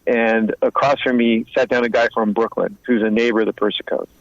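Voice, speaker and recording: A man's voice: medium pitch, steady tone, a little fast, dry recording. Blunt streetwise man, dull dry audio. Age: 50s. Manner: streetwise, blunt, acts out both sides of quoted talk. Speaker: guest, former mobster turned informant and author. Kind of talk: casual interview storytelling.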